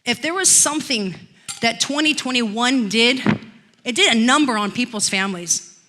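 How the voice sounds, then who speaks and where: A woman pastor preaching a sermon in church, telling stories and rising into loud declarations. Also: fairly high pitch, expressive, moderate pace. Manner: storytelling, swells to loud declarations.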